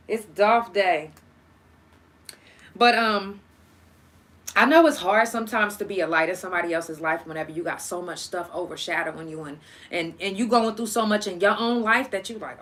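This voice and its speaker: Woman, young adult, podcast host, profane, animated, bright tone. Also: medium pitch, moderate pace. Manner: profane, animated, talks to listeners directly. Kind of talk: casual solo podcast rant.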